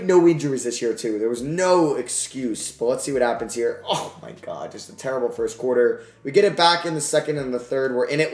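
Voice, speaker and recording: A man's voice: medium pitch, brisk, few pauses. Young guy gaming commentary, gets super hyped then grumbles, kinda echoey room. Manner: excitable, swings from grumbling to yelling. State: out of breath. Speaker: gaming YouTuber. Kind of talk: live commentary over a video game.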